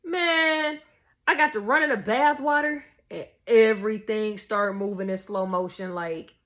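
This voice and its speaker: A young woman telling a story to camera in a casual, animated, profane way, full of slang. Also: medium pitch, unhurried. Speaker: vlogger.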